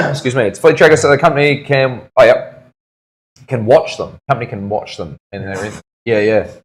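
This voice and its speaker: A man's voice: mid-range voice, normal speed, a bit bright. A man, a tattoo artist chatting casually on a live stream, laid-back and joking, swearing freely. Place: tattoo studio.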